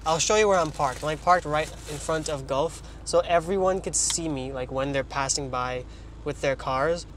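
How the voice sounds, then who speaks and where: A man's voice: a little high, normal speed, background noise. A young man, vlogging from his parked car with a phone, rambling with jokey asides while he eats. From Trinidad. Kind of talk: casual car vlog while eating.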